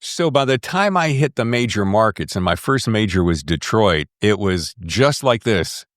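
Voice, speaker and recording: A man hosting an interview podcast, telling stories in a casual, lively way and sometimes slipping into a radio voice. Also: on the low side, normal speed, no room sound, studio quality. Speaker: podcast host.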